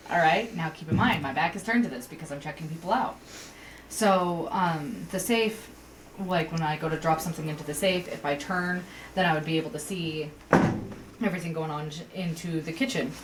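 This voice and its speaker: A woman co-hosting a podcast, telling a work story in casual chat, swearing freely and jumping up in pitch when she quotes herself. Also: brisk, distant mic, background noise. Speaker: podcast co-host.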